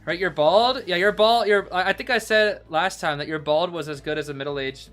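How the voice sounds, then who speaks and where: A young man giving casual live commentary on a tournament match as a streamer, excitable, cheering players and answering chat. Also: high voice, moderate pace, soft background music.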